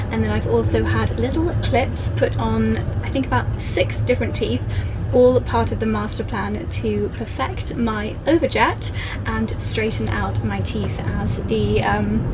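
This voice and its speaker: A woman's voice: on the high side, background noise. Chatty woman with a brace lisp. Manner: chatty, gushing, laughs at herself. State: slight lisp from new clear braces. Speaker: vlogger. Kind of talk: casual chat to camera.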